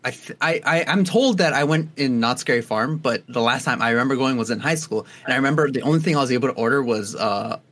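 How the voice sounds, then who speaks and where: Speaking quickly with few pauses, this young podcast co-host has a medium-pitched, fairly bright voice. He chats casually and rambles, using lots of fillers and restarting sentences.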